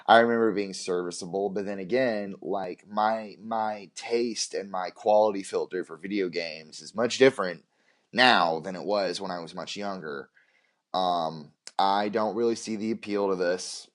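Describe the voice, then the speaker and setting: A man's voice: low voice, normal speed. A man co-hosting a casual game podcast, rambling with many restarts and casual swearing. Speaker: podcast co-host. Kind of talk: casual chat.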